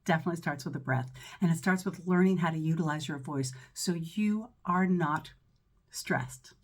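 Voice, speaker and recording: A woman's voice: deep voice, normal speed. Encouraging woman voice teacher, mezzo-soprano. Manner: encouraging, often checking in with "right?" and "okay?". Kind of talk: instructional breathing lesson.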